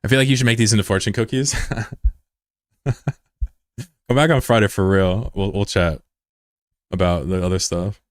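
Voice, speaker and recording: A man with a Mid-Atlantic American accent talks in a low, flat, laid-back way, chatting casually with viewers of his stream. The sound is dry and close, with no room echo. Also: unhurried, long pauses. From United States. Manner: self-described monotone, plain and laid-back. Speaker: game streamer. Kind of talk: casual live-stream chat, reading viewer messages.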